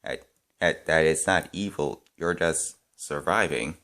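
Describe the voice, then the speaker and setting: A fan reviewer with an extremely low pitch and a sharp tone muses over his casual opinions. The talk is halting, broken by restarts and filler words as he thinks aloud.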